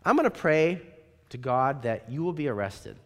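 A man's voice: on the high side, sing-song, fairly quick. A man voicing an elderly woman in her eighties, prim and unshaken, talking in an earnest, insistent way. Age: 80s. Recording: long reverb in a large hall.

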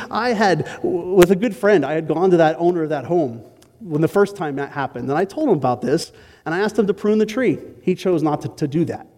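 Male preacher, fairly high voice, self-mocking storyteller in a hall with long reverb. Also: darkish tone. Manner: self-mocking storytelling with wry asides to the congregation. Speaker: pastor. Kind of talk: sermon with personal story.

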